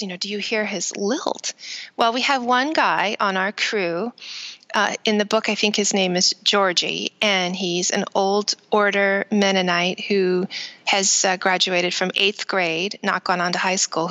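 A woman author talks through anecdotes in an interview, slipping into quoted exchanges as she goes. Her voice is bright and forward, and her pitch sits in the middle range. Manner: animated storytelling with quoted dialogue. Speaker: author and guest. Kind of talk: interview conversation.

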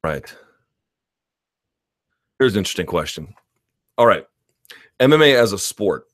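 A man's voice: fairly low pitch, big pitch swings, a little slow, fairly bright tone, no echo, studio quality. A man hosting a live chat stream, answering viewer questions in a loose, rambling conversational way with restarts and asides.

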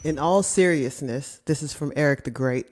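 A woman's voice: low-pitched, moderate pace, darkish tone. A woman panelist on a casual basketball postgame show, laid-back and teasing. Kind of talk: casual podcast chat.

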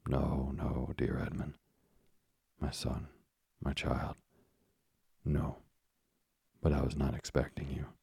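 A man's voice: extremely low pitch, flat delivery, slow, vocal fry, pauses often, darkish tone, slightly rough, dry recording, studio quality, full character voice. A man doing a frail trembling old father. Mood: overwhelmed.

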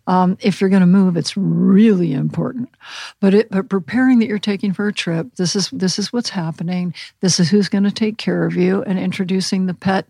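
A woman counselor answering podcast interview questions in a measured, explanatory way, with a gravelly voice. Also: medium pitch, dark tone, dry recording. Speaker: animal communication counselor.

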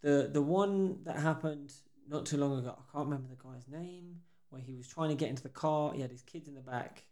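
A man's voice: a little high, a little fast, hardly any pauses. A young man, co-hosting a podcast in casual chat and acting out the people in his stories. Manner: animated storyteller acting out quotes. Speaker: podcast co-host.

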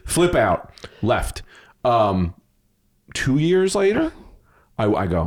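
A man's voice: medium pitch, moderate pace, pauses often, slight background noise. A man in casual podcast chat, telling a story with lots of swearing and acted-out quotes. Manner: animated, swearing, acts out quotes.

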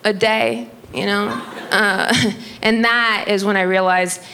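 A woman performing a stand-up comedy set on a club stage, telling stories in a chatty way with lots of "you know" and mimicking others in a higher voice. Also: fairly even intonation, slow, bright, forceful tone. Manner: chatty storytelling, frequent "you know", mimics her mother in a high voice. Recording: live club recording, audience laughter and room noise.

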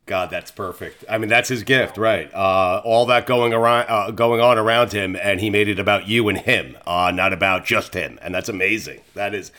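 A man's voice: lowish voice, moderate pace, hardly any pauses, pushed and bright. A man hosting an interview, an eager listener reacting and asking follow-up questions in casual chat. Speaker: host.

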